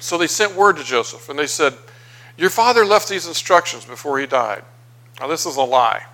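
A man preaching a sermon through scripture, conversational and unhurried, pausing on fillers as he thinks aloud. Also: on the high side, bright, forceful tone, poor audio.

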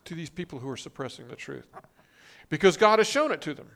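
Emphatic male preacher, fairly high voice. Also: animated, fast, creaky, fairly bright tone. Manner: emphatic preaching with restarts and rising stress. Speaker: pastor. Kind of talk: sermon.

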